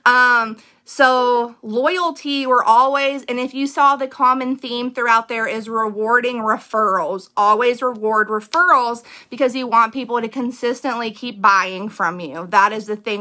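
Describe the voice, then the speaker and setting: A woman's voice: fairly high pitch, moderate pace, hardly any pauses, sharp tone. A young woman giving casual business tips to camera, chatty and eager, with lots of "um" and "like". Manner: chatty, full of fillers like "um" and "like"; upbeat and eager.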